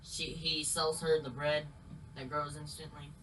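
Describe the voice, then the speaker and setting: Woman, casual chat, very slow talker, lowish voice, hesitant, trails off. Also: flat delivery, fairly bright tone, a little hiss or hum, low-quality recording. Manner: hesitant, trailing off and searching for words. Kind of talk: casual movie discussion.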